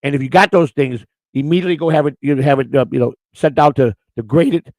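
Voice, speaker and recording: Gravelly fast-talking storytelling man. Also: fairly high pitch, dry recording. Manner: loud, outspoken, animated storyteller. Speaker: morning show co-host. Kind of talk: casual storytelling chat.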